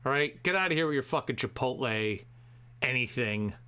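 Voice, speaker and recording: A man hosting a live show, ranting profanely and swinging between shouting and muttering to himself. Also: mid-range voice, animated, moderate pace, clean tone. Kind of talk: profane comedic rant.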